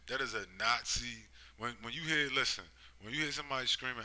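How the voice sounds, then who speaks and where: A man's voice: mid-range voice, a little fast, hardly any pauses, bright, forceful tone, rough recording. A man giving a rambling, profane monologue, driving his points home with constant tag questions. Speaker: commentator. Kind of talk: casual monologue.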